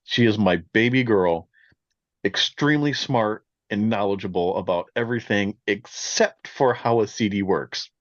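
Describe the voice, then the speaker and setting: A man in his forties, a podcast co-host in casual chat, telling an animated story and laughing often. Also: on the low side, normal speed, no echo, dull audio.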